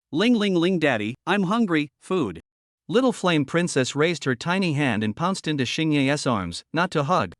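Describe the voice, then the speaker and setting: Male recap narrator, steady reading, a touch high-pitched, close and dry. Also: no echo. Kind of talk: scripted story recap narration.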